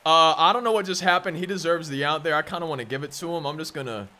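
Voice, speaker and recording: A young man hosts a gaming channel with excited, chatty gameplay commentary. His voice sits high and sounds bright and forward. He often repeats his words and breaks into loud exclamations. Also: quick pace. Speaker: gaming YouTuber.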